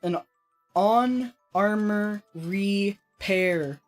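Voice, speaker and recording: A Texas woman hosts a let's play, speaking very slowly in a mid-range voice over soft background music. She chats casually while she builds, rambling, swearing now and then, and cracking jokes at her own expense.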